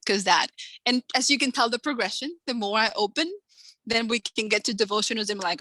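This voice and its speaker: A woman in her forties, an author, chatting in an interview and acting out quotes from her stories with lively energy. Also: a little high, brisk, no echo, low-quality recording. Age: 40s. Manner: animated storyteller acting out quotes. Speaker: author, guest. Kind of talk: casual interview chat.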